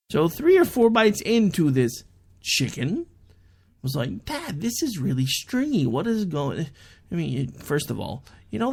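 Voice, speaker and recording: A man's voice: mid-range voice, gravelly. A young adult man hosting an online talk show, chatting through a casual monologue and telling stories in which he quotes people in raised voices.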